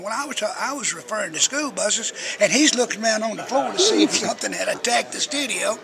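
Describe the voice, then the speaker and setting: An older man tells rambling, folksy stories as a guest, slipping into the voices of people he quotes. His voice sits high and has a gravelly rasp. Crowd chatter carries clearly behind him. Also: animated, fairly quick. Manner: folksy, chatty storyteller who acts out quotes. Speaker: interview guest, radio personality. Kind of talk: rambling storytelling interview.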